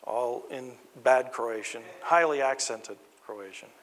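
A man's voice: medium pitch, slow, a bit bright, big-room sound, a little hiss or hum. An American man preaching a sermon, earnest and building emphasis on key phrases, mixing in light stories. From United States. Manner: storytelling asides with light humor.

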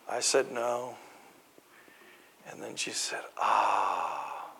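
A man's voice: lowish voice, animated, vocal fry, sharp tone, slight background noise. American man preaching in an echoing hall. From United States. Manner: earnest, rising emphasis on key phrases, slows for weight; storytelling asides with light humor. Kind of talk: sermon.

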